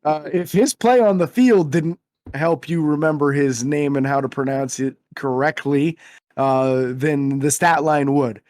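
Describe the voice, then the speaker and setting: A young man co-hosting a casual sports podcast, talking energetically and quick to exclaim. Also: fairly high pitch, fairly even intonation, darkish tone. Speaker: podcast co-host.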